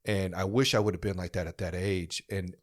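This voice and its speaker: Man, young adult, deep pitch, casual podcast talk, earnest, encouraging. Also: steady tone, a little fast. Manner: earnest, encouraging, many fillers and restarts. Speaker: podcast host.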